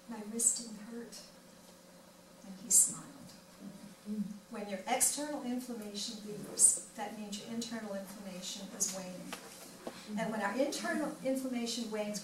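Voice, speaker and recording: An older woman giving a personal wellness talk at a library event, telling her story in an animated way and acting out the dialogue. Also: on the high side. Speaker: wellness speaker. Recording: echoey room from far off, noisy.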